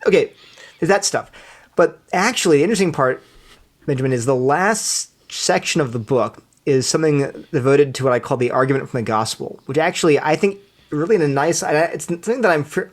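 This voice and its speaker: A man being interviewed as an author, explaining his ideas in a lively, storytelling way, often restarting phrases and acting out quoted voices. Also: on the high side. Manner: frequent restarts, thinks aloud. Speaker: interview guest, author and apologist. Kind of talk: casual interview conversation.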